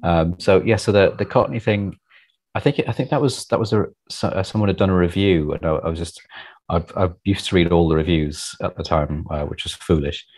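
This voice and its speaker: A man's voice: low-pitched, fairly quick, a little mellow, low-quality recording. A man being interviewed about his writing, chatting casually and self-deprecatingly, with many restarts and repeated words.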